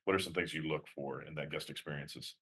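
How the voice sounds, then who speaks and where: Very deep-voiced male host. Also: steady tone, brisk, a bit bright, slightly rough. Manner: questioning, storytelling. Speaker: podcast host. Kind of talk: interview conversation.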